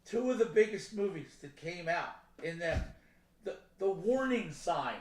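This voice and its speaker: A man co-hosting a podcast in casual chat, ranting with plenty of swearing and getting loud and animated. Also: high-pitched, measured pace, roomy sound, low-quality recording. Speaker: podcast co-host.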